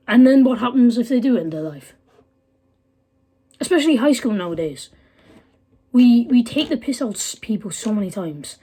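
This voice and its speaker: A woman's voice: on the high side, animated, moderate pace, pauses often, mellow. A woman in her late teens, ranting heatedly to camera as a vlogger, blunt and swearing often. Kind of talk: angry profane rant.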